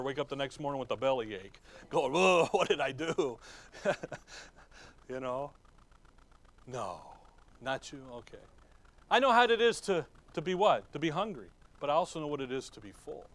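Folksy preacher, high voice. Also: male voice, a bit bright, no room sound. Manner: folksy, asks the congregation questions and chuckles. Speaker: pastor. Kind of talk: sermon.

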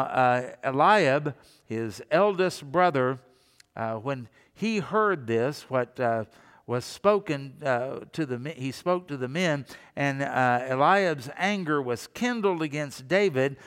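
Male pastor, sermon, conversational preaching, acts out quoted voices, slightly high voice, long hall reverb. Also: fairly bright tone, clean tone.

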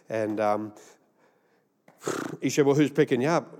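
A long hall reverb surrounds an Australian male pastor whose mid-range voice is unhurried and a little mellow. He rambles through a funny storytelling sermon full of jokey tales, chuckling at his own punchlines.

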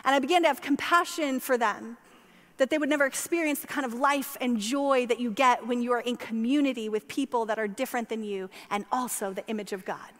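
High-voiced woman preaching in a reverberant hall. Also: a little fast. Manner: passionate, builds to emphatic peaks. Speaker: pastor. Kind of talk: sermon. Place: church sanctuary. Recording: long church-hall reverb.

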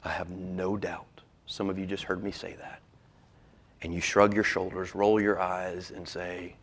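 A man pastor delivers a sermon in a fairly low voice. He swings between loud, pressing exhortation and hushed, near-whispered lines. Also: little pitch movement, measured pace.

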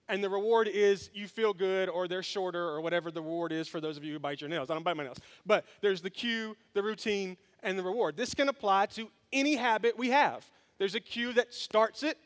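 A man's voice: sits high, fairly quick, fairly bright tone. A man preaching a sermon as pastor, telling a story with humor and speaking straight to his congregation. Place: church sanctuary.

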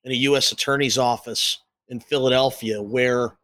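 A man's voice: medium pitch, fairly even intonation, moderate pace, pushed and bright, no room sound. A man speaking earnestly with frequent restarts as a guest in a political discussion. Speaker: panel guest.

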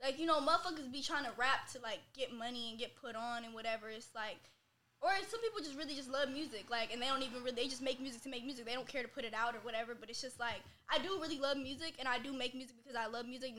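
A woman's voice: fairly high pitch, rapid-fire, bright, forceful tone. A young adult woman talking as a podcast guest in casual chat, loose and profane, leaning heavily on filler words.

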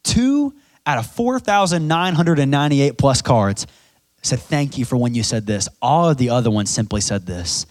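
A young man preaching a sermon as pastor, with an animated delivery that swings between loud emphasis and hushed lines. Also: mid-range voice, moderate pace.

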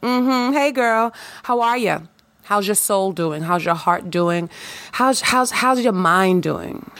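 A woman hosting her own podcast, talking to listeners in a lively, playful, hype-building way. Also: medium pitch, slow, dry recording. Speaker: podcast host. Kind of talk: casual solo podcast talk.

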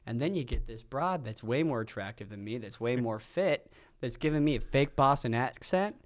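A man's voice: mid-range voice, expressive, normal speed. A man co-hosting a casual comedy podcast, talking profanely and jumping into mocking impressions as he recaps a reality show. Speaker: podcast co-host.

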